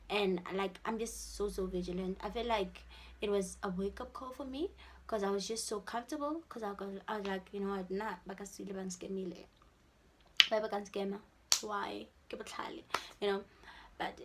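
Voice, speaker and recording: A young South African woman with a South African accent tells a casual, animated story in her vlog, mixing in Setswana phrases. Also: a little high, a little hiss or hum. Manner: animated, slips into Setswana for quoted lines. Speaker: vlogger. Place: her room at home.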